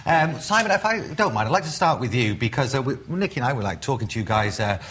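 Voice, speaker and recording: A man's voice: medium pitch, expressive, quick pace, a bit bright. A man presenting a morning TV show, interviewing guests in a jovial, teasing way with many fillers. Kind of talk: live studio interview.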